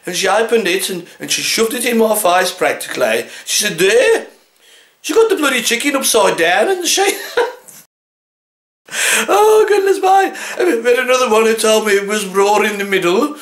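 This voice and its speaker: A man's voice: high-pitched, sing-song, moderate pace, a bit bright, roomy sound. A man in his sixties with a Birmingham accent, playing a chatty, jolly butcher who tells rambling comic anecdotes with frequent chuckles. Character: chatty older male butcher, jolly and exasperated. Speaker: comedy butcher character.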